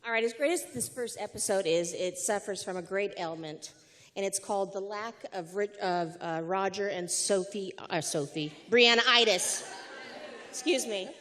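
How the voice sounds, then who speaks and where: A woman's voice: mid-range voice, moderate pace. Playful woman moderator, echoing hall. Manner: playful, teasing questions. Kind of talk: panel moderation.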